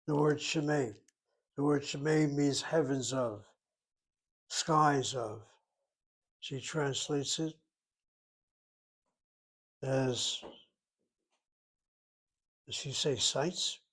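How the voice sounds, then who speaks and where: A man's voice: mid-range voice, very slow, pauses often, a bit bright, breathy edge. A man teaching a Hebrew lesson, explaining grammar step by step and thinking aloud as he goes. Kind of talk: informal language lesson.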